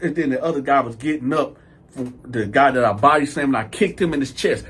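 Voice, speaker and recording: A man's voice: mid-range voice, brisk, slightly rough. A man telling a story to camera in a casual, profane way, acting out each scene. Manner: animated, profane, acts out the scenes. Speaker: storytelling video host.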